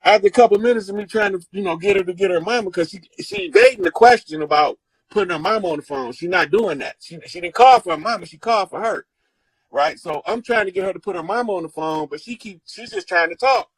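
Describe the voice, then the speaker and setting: A man telling stories in a casual chat, animated and profane, acting out the people he quotes. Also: high voice, fast talker, slightly rough, no room sound, poor audio. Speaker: guest storyteller. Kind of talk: casual storytelling.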